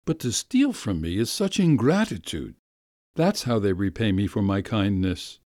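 A man's voice: on the low side, big pitch swings, normal speed, darkish tone, no room sound, studio quality. A man reading a story aloud, voicing a weary, indignant wealthy middle-aged lady. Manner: weary, self-pitying, indignant.

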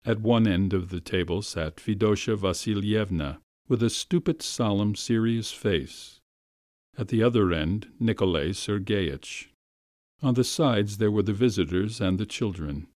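A man reads a classic story aloud in a measured, expressive way. His voice sits low and the recording is close and dry. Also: dry recording. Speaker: narrator. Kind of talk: scripted narration of a classic story.

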